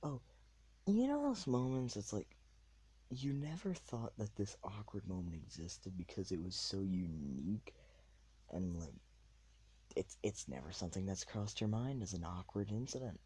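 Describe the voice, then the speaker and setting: A young man hosting a podcast from his bed at night, rambling in a hushed, half-whispered way. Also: on the low side, expressive, moderate pace, slightly rough. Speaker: podcast host. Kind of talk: casual late-night monologue.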